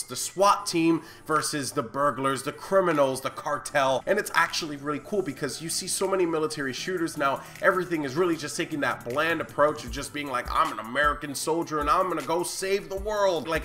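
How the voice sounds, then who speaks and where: A young man with a congested voice from a cold, hosting his own gaming channel and talking through game news in a chatty, excited way. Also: fairly high pitch. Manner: enthusiastic, chatty, many fillers. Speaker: gaming video host. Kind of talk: casual gaming news vlog.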